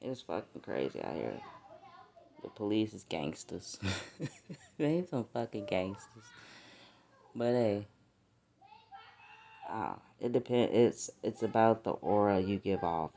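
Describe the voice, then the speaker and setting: Woman podcast host, very low voice, loose and profane solo chat. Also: lively intonation, unhurried, long pauses, dark tone. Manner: profane, laughing, rambling.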